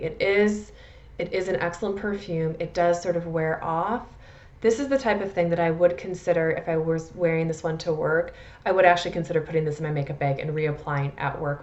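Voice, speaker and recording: A woman's voice: lowish voice, a little mellow, highs cut off. An American woman from the Midwest with a Midwestern accent, chatting casually and rambling a little as she reviews perfumes. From Midwest USA. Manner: chatty, rambling, self-deprecating, frequent restarts. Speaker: perfume vlogger.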